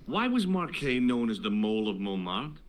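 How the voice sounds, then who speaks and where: A man's voice: medium pitch, big pitch swings, normal speed, close to an everyday voice, poor audio. An actor voicing a joking young American man, the hero of a video game, with an American accent. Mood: curious. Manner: dry and joking.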